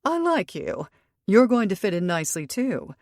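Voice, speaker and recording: A woman voicing a calm, sharp-tongued female fae warrior in an audiobook reading. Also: mid-range voice, normal speed, dry recording, clean studio sound, pitched above the performer's own voice. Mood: brisk.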